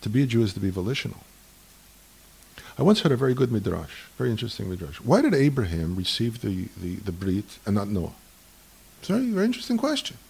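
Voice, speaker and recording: A man talking in a lively, argumentative way about tradition, acting out the voices in the stories he tells. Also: on the low side, fast talker, vocal fry, breathy edge. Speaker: speaker on Jewish tradition. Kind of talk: animated conversational storytelling.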